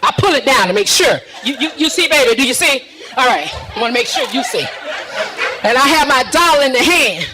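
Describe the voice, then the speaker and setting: A woman doing a stand-up routine, sassy and teasing the crowd with drawn-out punchlines. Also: sits high, big pitch swings, rough recording. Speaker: stand-up comedian.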